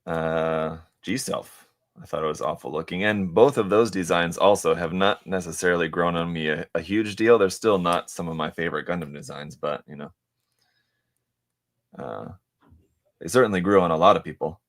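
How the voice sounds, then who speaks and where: A man's voice: low-pitched, normal speed. A man hosting a live stream while he builds a model kit, chatting casually and answering viewers. He rambles with many fillers and restarts, and now and then mutters to himself as he works.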